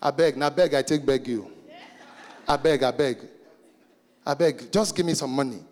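A man's voice: medium pitch, normal speed, darkish tone, big-room sound, pitched below the performer's own voice, close to an everyday voice. A man putting on a Nigerian customer who begs a bank cashier over and over. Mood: pleading. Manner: whining, repetitive begging. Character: man pleading at a bank counter.

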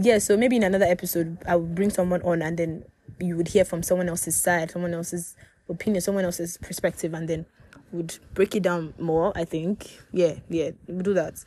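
A woman's voice: on the low side, a little mellow, no echo. A young woman hosting her own podcast alone, rambling and correcting herself as she talks. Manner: rambling, self-correcting, laughs often. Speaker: podcast host. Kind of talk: casual solo podcast chat.

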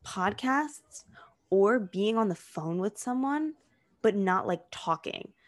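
Speaking in an animated, mid-range voice, this young podcast co-host takes her time. She chats easily and casually, leaning heavily on "like" as filler.

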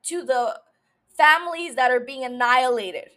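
High-pitched and sharp-toned, she keeps a moderate pace. It's a casual solo podcast recorded on a studio mic in her room, where she curses freely and gets blunt and emotional, alternating between rants and gushing.

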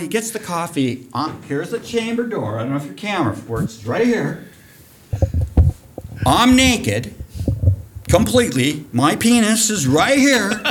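A man who directs a diving program, telling a profane, animated story during a podcast interview and laughing as he goes. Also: high-pitched, slight background noise. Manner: animated, profane, laughs through his stories. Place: recorded on location at a college.

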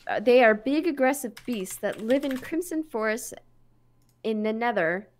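A woman's voice: on the high side, expressive, moderate pace, a little hiss or hum. Chatty woman gamer, laid-back talk. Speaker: podcast co-host. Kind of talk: casual chat about video games.

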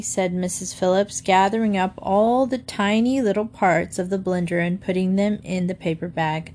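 A woman reads a children's chapter book aloud in a steady, clear voice. Her pitch sits in the middle range. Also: normal speed, few pauses. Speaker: storybook reader.

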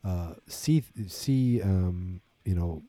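Tired, rambling man with a low voice. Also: lively intonation, extremely slow, dark tone, no echo. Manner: rambling, lots of fillers and restarts. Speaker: wrestling podcast host. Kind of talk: casual solo commentary.

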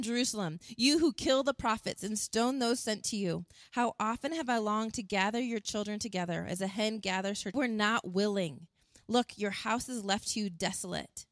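Woman pastor, higher voice, earnest animated sermon delivery, dry recording. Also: a little fast, dry recording. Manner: earnest, animated storytelling with acted quotes. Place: outdoors in wind.

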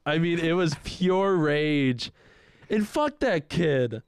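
A man's voice: a little high, slow, smooth, no echo, studio quality. A young man co-hosting a podcast, telling stories in a casual chat, acting out voices and swearing often. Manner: animated storytelling, acts out quoted voices, swears a lot. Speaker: podcast co-host.

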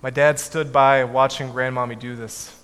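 A man telling a family story to an audience in a measured way, with his voice dropping softly at the ends of lines. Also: mid-range voice, flat delivery, clear, resonant tone. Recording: echoey hall, faint background noise.

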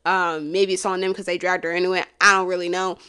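A woman hosting a solo podcast, chatting casually, blunt and profane, swinging from low mumbles to loud exclamations. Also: flat delivery, fast talker, smooth. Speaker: podcast host.

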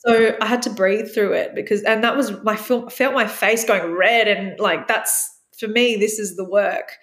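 A woman guest telling a candid personal story, reflective and open, acting out her own past lines in a brighter voice. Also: medium pitch, fairly even intonation, moderate pace. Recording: echoey room.

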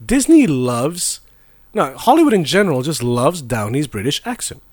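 Podcast guy cracking dry jokes, high animated voice, swears a lot, dead dry sound. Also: normal speed, no echo. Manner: wry, joking, swears casually. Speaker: podcast co-host. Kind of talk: casual chat.

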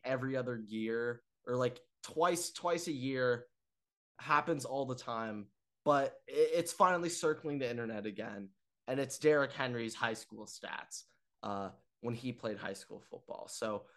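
A young male podcast co-host talking sports in a loose, joking manner. He stumbles through fillers and restarts, and his pitch stays in an ordinary male range. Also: a bit bright. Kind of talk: casual sports chat.

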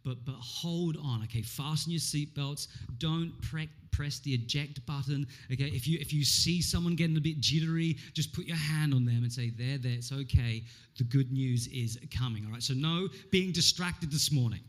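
A man in his thirties preaching a lively, humorous sermon, acting out voices and jokes as he goes. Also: a little high, normal speed, few pauses. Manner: animated, humorous, acts out quotes. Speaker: pastor.

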